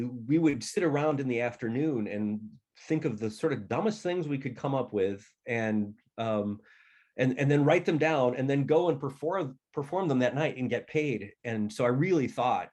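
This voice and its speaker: A middle-aged author appears as a guest in a relaxed storytelling conversation, chatting away and slipping into the voices of family members as he recounts anecdotes. His voice is medium in pitch with a slightly mellow quality.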